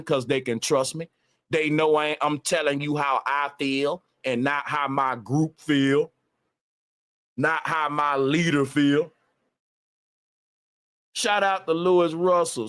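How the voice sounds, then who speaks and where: A man's voice: a little high, a bit bright, smooth. A man on a livestream, ranting emphatically with a lot of profanity and repetition. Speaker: live streamer. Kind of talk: casual livestream rant.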